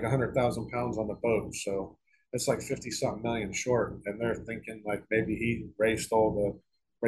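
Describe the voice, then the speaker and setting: A man's voice: fairly low pitch, a little mellow, breathy edge, rough recording. Rambling, profane middle-aged man storyteller. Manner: rambling, profane, with many restarts. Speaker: guest author. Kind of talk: casual storytelling interview.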